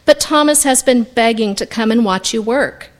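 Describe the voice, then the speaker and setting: A woman voicing a polite, gentle widowed mother in a storybook reading. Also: on the high side, normal speed, natural voice.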